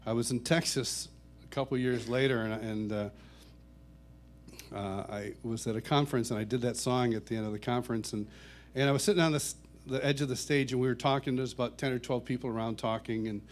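A middle-aged man, a worship songwriter, telling personal stories to a church audience in a warm, chuckling, self-deprecating way. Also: medium pitch, fairly even intonation, fairly quick. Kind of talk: anecdotal storytelling talk.

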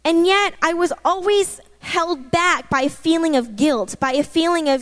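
A woman's voice: high-pitched, moderate pace, in a large hall. A woman giving a conversational sermon testimony, personal and emphatic, with frequent asides to her listeners. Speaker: preacher sharing a testimony.

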